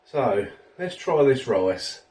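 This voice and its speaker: A man's voice: medium pitch, very animated, slow pace, darkish tone, distant mic. Chatty man, roomy kitchen sound. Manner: chatty, self-mocking, chuckling asides. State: a little tipsy. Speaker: food reviewer. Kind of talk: casual food review vlog. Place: home kitchen.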